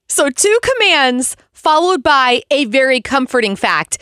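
High-voiced woman, 40s, heartfelt bible podcast host, dry close mic. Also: unhurried, few pauses, dry recording. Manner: heartfelt, expressive. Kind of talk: devotional Bible reading and reflection.

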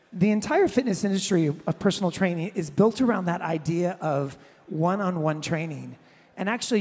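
An interviewer with a gravelly, husky voice puts long, enthusiastic questions to a guest on stage. The sound rings with a long hall reverb. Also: mid-range voice, darkish tone. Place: large event hall with audience.

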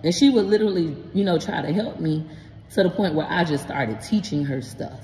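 Low-voiced, frank woman vlogging. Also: normal speed, in a large hall, slight background noise. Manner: frank, animated, swears casually. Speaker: content creator and parent. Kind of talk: casual vlog explaining homework help.

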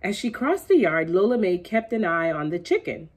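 A woman reading a children's picture book aloud, animated and laughing along with the story. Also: on the low side, moderate pace.

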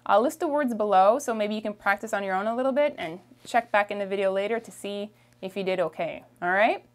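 A woman from Canada with a Canadian French accent, teaching a vocabulary lesson patiently and checking in with her viewers. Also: mid-range voice. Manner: patient, repeats each word slowly, checks in with "okay?". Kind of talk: slow language lesson.

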